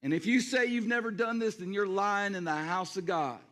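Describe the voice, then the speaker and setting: A pastor preaches a sermon in a high-pitched voice at a normal pace, animated and speaking directly to his congregation. He draws them in with questions and acts out the scenes he describes.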